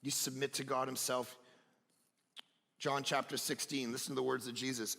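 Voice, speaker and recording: A man preaching a sermon as pastor, animated, swinging between loud emphatic peaks and quiet low stretches. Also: moderate pace, creaky, long pauses, breathy edge. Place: church sanctuary. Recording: church hall reverb.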